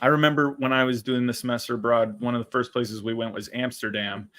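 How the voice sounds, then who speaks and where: A man co-hosting a podcast, telling stories in a relaxed, laughing way. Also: medium pitch, fast. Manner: laid-back, laughing storyteller. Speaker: podcast co-host. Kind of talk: casual chat.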